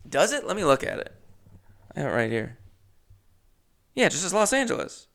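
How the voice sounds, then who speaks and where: A young man hosting a podcast, telling a comedic story in a rambling, profane, animated way. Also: medium pitch, a little fast, gravelly, pauses often. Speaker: podcast host.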